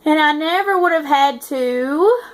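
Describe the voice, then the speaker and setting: Brief: cocky young college guy narrating, told in a fairly high woman's reading voice. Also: unhurried. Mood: amused. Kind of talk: reading a novel aloud.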